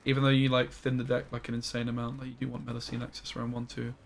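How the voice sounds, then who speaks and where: Excitable streamer yelping in surprise. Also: male voice, mid-range voice, rapid-fire, gravelly. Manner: excitable, bursts into loud surprised yelps. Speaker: game streamer. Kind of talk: live-stream commentary.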